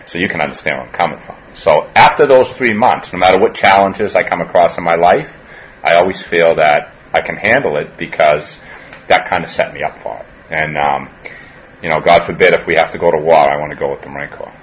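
Deep-voiced Boston man, earnest and chatty. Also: a little fast, fairly bright tone, muffled recording, a little hiss or hum. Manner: conversational, earnest, peppered with "you know". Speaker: campus police officer. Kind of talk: interview.

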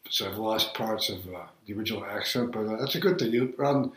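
A man in his seventies with a Boston accent, reading a passage aloud and then reminiscing casually in a plain, unhurried way. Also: on the low side, fairly bright tone, echoey room, rough recording. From south of Boston, USA. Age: 70s.

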